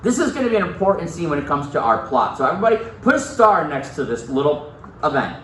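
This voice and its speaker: A male teacher reading a novel aloud to his class, animated, repeating key points and putting questions to the students. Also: on the high side, fast talker. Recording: echoey classroom, mic far off, faint noise.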